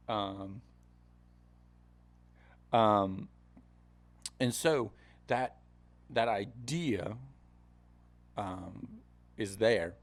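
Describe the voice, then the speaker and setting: Gravelly casual male Bible teacher. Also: lowish voice, drawn-out words, pauses often. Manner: loose, chatty retelling with many fillers. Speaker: podcast host.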